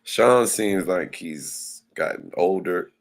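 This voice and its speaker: A man hosts a casual sports talk livestream, addressing his viewers loosely as y'all. His voice sits extremely low with a rough, gravelly fry. He speaks slowly and unhurriedly. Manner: loose, chatty, talks to the audience as y'all. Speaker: sports show host.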